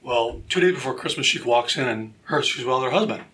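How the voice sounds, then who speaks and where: Bright-voiced man telling a testimony. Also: mid-range voice, brisk. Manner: animated, acts out quoted voices. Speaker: guest. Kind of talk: storytelling testimony.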